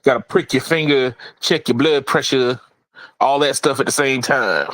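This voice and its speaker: A man hosting a casual tech podcast, animated, laughing often and repeating words as he talks. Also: medium pitch, normal speed, dry recording, rough recording. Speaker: podcast host.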